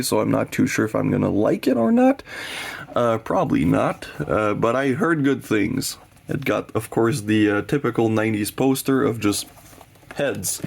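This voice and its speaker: A man's voice: medium pitch, creaky, slight background noise. A man in his twenties chatting casually and rambling, loose and jokey with lots of fillers. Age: 20s. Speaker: horror collector showing his shelves.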